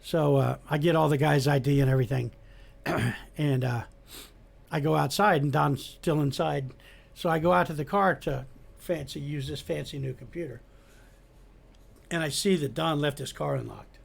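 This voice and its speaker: Older guy, husky breathy voice, rambling cop stories, little chuckles here and there. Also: fairly high pitch, normal speed. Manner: rambling anecdotal delivery with chuckles. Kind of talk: casual storytelling chat.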